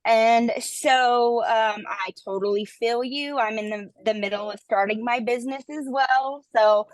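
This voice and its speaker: Encouraging woman with a fairly high voice. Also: measured pace, no echo. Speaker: workshop participant. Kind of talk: casual supportive chat.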